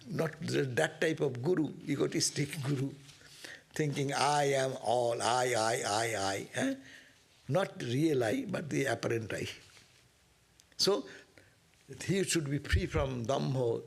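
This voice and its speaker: A monk teaches a scripture class, working through Sanskrit verses and checking in with "no?" and "huh?". His voice is somewhat high for a man, gravelly and a little husky. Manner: explains Sanskrit verses line by line, with frequent rhetorical "no?".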